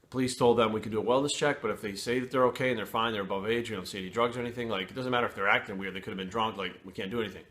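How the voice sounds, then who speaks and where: A man telling a personal story to camera in casual, blunt and profane talk, pausing and restarting as he goes. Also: on the low side, steady tone, a bit bright. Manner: blunt and profane, frequent swearing; candid, with pauses and restarts.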